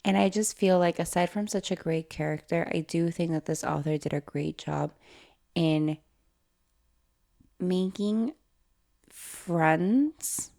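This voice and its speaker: A woman co-hosting a casual book podcast, animated and laughing often. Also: lowish voice, slow, gravelly, pauses often. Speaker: podcast co-host.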